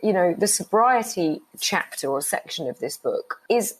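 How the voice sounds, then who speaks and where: Middle-aged woman guest talking openly, lowish voice, gets teary and emotional. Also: lively intonation, normal speed, husky, rough recording. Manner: emotional, voice breaking toward tears. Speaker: guest, writer. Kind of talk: candid personal interview.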